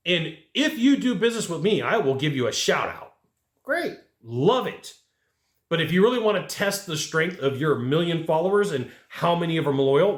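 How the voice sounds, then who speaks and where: A man teaching sales negotiation in a casual, animated way, acting out clients and asking rhetorical questions. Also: fairly high pitch, roomy sound. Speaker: sales trainer. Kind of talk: casual sales training talk.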